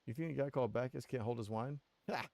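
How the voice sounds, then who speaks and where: A man voicing a boisterous, hard-drinking older male trainer who speaks in a gruff, hearty and laid-back way. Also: medium pitch, fast talker, darkish tone, no room sound, lightly acted.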